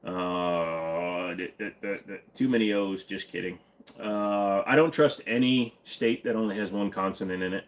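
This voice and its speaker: A man's voice: low-pitched, measured pace. A man hosting a casual livestream, joking as he reads and answers viewer comments. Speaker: livestream host.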